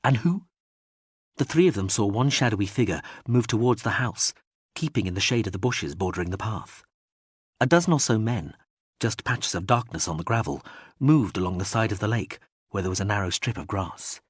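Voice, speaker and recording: Male audiobook narrator, husky and dry, measured reading with animated pitch. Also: no echo. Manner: measured reading, acts out quoted speech in raised voices. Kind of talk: scripted narration.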